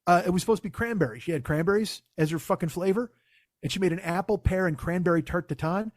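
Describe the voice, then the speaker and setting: A man in his forties with a fairly high voice rants through a comic story, swearing freely and sounding fed up. The sound is dry and close, with no room around it. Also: quick pace, no echo. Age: 40s. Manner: profane, exasperated storytelling. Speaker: comedian podcast host. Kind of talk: casual comedic rant.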